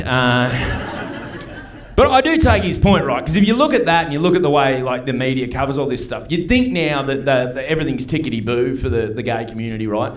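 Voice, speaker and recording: A middle-aged man with an Australian accent, performing a stand-up comedy set in a club and telling chatty, punchy stories with quick mock voices. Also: mid-range voice, animated. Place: comedy club stage before a live audience.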